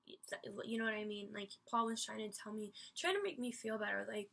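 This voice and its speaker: A woman's voice: fairly high pitch, brisk, creaky, hardly any pauses, fairly bright tone. A woman vlogger telling a personal story in an emphatic, rambling way, full of fillers and casual swearing.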